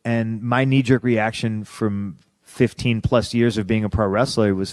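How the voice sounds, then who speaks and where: Low-voiced man swearing through a story. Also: a little slow, no room sound. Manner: profane, animated, rising sharply when reliving anger. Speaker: podcast guest. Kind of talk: candid storytelling in an interview.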